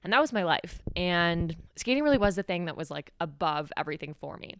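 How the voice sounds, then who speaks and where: This solo podcast host, a young New Mexico woman, has a lowish voice with lively intonation, a fairly quick pace and a fairly bright tone. A little hiss or hum sits under her candid, conversational personal story, which is heavy on "like."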